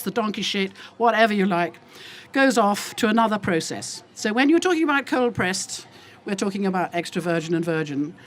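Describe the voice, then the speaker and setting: At an outdoor food festival, an older woman selling olive oil addresses the crowd as ladies and gentlemen in an emphatic, indignant, rambling talk. She is lively, her pitch jumping widely.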